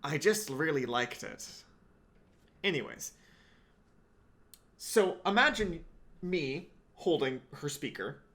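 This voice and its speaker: A man telling a comedic story in an animated, digressive and sardonic way. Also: a little high, slow, pauses often. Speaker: podcast comedian.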